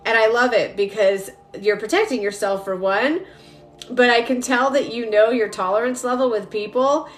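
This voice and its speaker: A woman's voice: a little high, fairly bright tone. A young adult woman, a spiritual energy coach, talking casually and directly to viewers on a live stream. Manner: chatty, rambling, addresses viewers directly. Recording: faint music behind.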